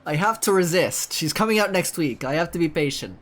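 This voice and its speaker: A streamer giving excitable, gushing commentary on a game playthrough, laughing often. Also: mid-range voice, fairly quick.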